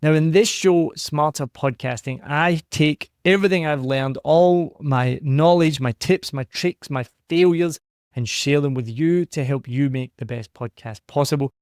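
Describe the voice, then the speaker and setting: Upbeat man, softened Scottish accent. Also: fairly high pitch, measured pace, clean tone, no echo, clean studio sound. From Scotland. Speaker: podcast host. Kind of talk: podcast interview.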